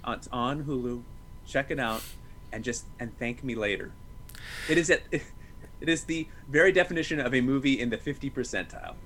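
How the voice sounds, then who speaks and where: A man in his thirties co-hosting a podcast, chatting casually about movies in a jokey, animated way with many restarts. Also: mid-range voice, normal speed, a little hiss or hum. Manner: jokey, animated, self-interrupting. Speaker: podcast co-host. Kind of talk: casual movie-review chat.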